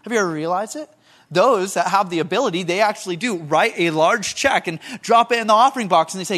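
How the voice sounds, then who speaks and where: A man's voice: high voice, quick pace, fairly bright tone. Conversational preacher man. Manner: conversational preaching with rhetorical questions and repetition. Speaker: pastor. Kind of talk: sermon.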